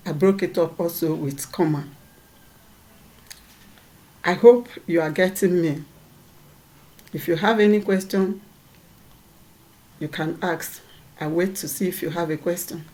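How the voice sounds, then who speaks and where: A woman's voice: on the low side, a little mellow. A woman teaching a lesson, patiently repeating points and checking that her students follow. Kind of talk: classroom lesson.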